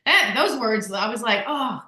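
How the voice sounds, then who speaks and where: Bright, animated woman in an echoey room. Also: a little high, normal speed. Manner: animated, rambling, laughs often. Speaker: workshop co-host. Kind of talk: casual group discussion.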